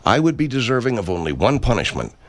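A man's voice: medium pitch, very animated, fast talker, no room sound. A man in a studio recording pompous self-help promos in an improvised comedy sketch.

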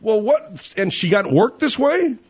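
A man's voice: high voice, sing-song, measured pace, husky. A man hosting a talk radio show, reading out a gossip story and commenting on it in casual chat. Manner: reads news aloud and riffs on it.

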